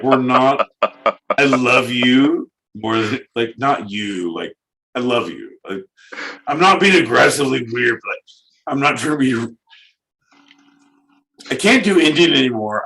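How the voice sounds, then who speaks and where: A man co-hosting a podcast, crude, loud and joking. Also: mid-range voice, measured pace, a little hiss or hum. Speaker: podcast co-host. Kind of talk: casual comedic chat.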